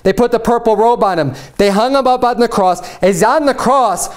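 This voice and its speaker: A man's voice: extremely high pitch, brisk, smooth. A man preaching a sermon as pastor, reading scripture aloud with earnest, rising emphasis.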